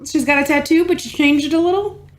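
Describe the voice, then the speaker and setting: A woman's voice: sits high, steady tone, fast. A woman co-hosting a podcast in casual chat, teasing and giggly. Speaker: podcast co-host.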